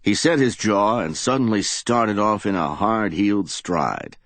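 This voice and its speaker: A man's voice: on the low side, expressive, measured pace, fairly bright tone, dry recording. A man narrating a hardboiled crime audiobook in a dramatic storytelling manner.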